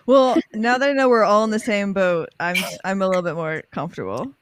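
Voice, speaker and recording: A woman's voice: medium pitch, a little fast, a little hiss or hum. A woman chatting as a guest on a livestream, with dry, self-mocking humor. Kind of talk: casual chat on a livestream.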